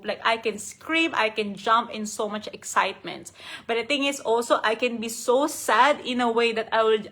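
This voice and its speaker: A life coach hosting a live stream gives an unscripted motivational talk in a slightly high, fairly bright voice. She is earnest and heartfelt, often repeating and restarting words.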